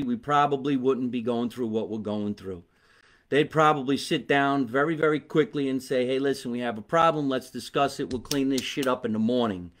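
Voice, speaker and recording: A man's voice: medium pitch, a bit bright. A middle-aged man with a New Jersey accent, rambling bluntly and swearing freely in a casual live-stream monologue from his basement. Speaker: comedian host. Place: home basement.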